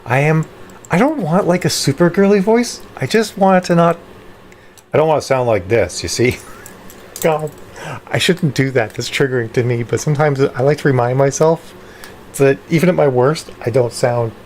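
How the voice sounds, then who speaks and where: A woman with a bass voice and darkish tone casually hosts a live stream at a moderate pace, chatting with viewers and reading the chat aloud. She keeps cutting herself off mid-sentence as she practices voice exercises. Slight background noise can be heard.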